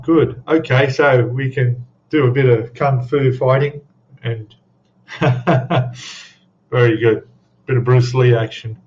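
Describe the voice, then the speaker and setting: A man chats unhurriedly on a home live stream, rambling along with ums and self-deprecating asides. The audio is dull and lo-fi, with a faint hiss behind him. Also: mid-range voice. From Australia. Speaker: scale modeling livestream host. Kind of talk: casual live stream chat. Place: home hobby room.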